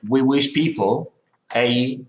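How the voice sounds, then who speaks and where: Slow-talking male English teacher, echoey room. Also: mid-range voice, highs cut off. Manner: models pronunciation by repeating words, questioning students. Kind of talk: classroom teaching. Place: classroom. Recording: echoey classroom.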